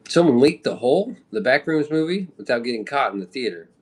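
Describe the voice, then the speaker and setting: A man's voice: mid-range voice, big pitch swings, a little fast, breathy edge. A man from the Midwest chatting casually on a live stream, rambling with loose slang and casual swearing. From American Midwest.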